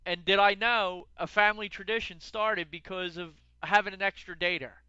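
A middle-aged man co-hosting a casual chat, an animated storyteller who repeats words when he gets excited. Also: high voice, normal speed, smooth, dry recording, lo-fi sound. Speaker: podcast co-host.

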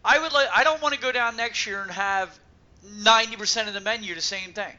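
Man, high voice, very bright, stuttering, casual podcast chat. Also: a little fast, muffled recording. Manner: stuttering, emphatic. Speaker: podcast co-host.

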